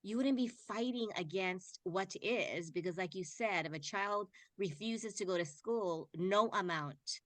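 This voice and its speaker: A woman's voice: medium pitch, measured pace, hardly any pauses, fairly bright tone, no echo. A woman hosting an interview podcast, affirming her guest in casual talk. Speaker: podcast host.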